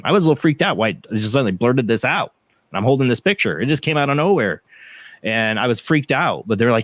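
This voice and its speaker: A man's voice: mid-range voice, expressive, brisk, fairly bright tone, no echo. A man hosting a paranormal radio show, telling stories in casual rambling chat with many restarts. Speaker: podcast host.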